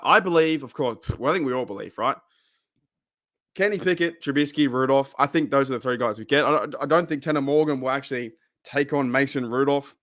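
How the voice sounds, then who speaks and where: An excitable man rambles through a casual fan livestream, greeting viewers by name between fired-up rants. His voice sits at an ordinary middle pitch. The sound is dry and close. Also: no room sound. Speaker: host of a fan podcast livestream.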